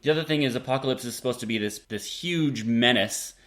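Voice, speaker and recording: A man's voice: medium pitch, quick pace, fairly bright tone. A man co-hosting a podcast, agreeable and casual in a movie review chat. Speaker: podcast co-host.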